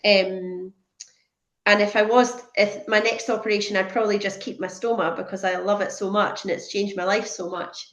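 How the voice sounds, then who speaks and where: A woman in her thirties recounts her experience as a podcast guest, switching into the voices of the people in her story. Her voice sits at a middle pitch and rings a little in a roomy, echoey space. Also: moderate pace. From Scotland. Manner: lively retelling, acts out quoted speech. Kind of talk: conversational storytelling.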